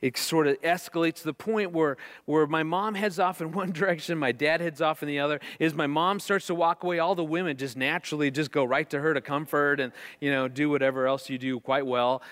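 This middle-aged man, speaking on marriage from a faith perspective, talks briskly in a fairly high voice. An earnest, animated storyteller, he repeats words as his excitement builds.

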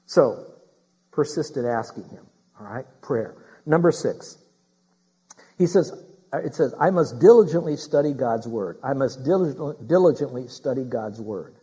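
A man's voice: mid-range voice, animated, normal speed, warm tone, slightly rough, low-quality recording. A middle-aged man preaching a sermon, emphatic and repeating key phrases to his congregation. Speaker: pastor.

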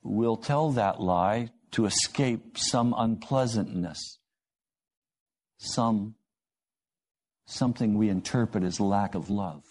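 A man preaching a sermon, telling stories and acting out the voices in them with lively rises in pitch. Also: slow, long pauses. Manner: storytelling, acting out quoted dialogue with rising pitch.

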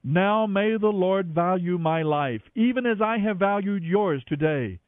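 A man's voice: sits high, animated, a little slow, no room sound, voice pushed up. A man reading aloud and voicing a young male warrior who speaks in an impassioned, raised declamation. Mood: pleading. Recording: dry, tinny phone-like radio sound.

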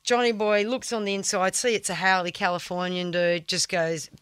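A woman's voice: medium pitch, little pitch movement, normal speed, a bit bright, clean tone, no room sound. Blunt woman telling stories. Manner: vivid, blunt storyteller who swears freely. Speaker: guest, surfer. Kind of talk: casual podcast storytelling.

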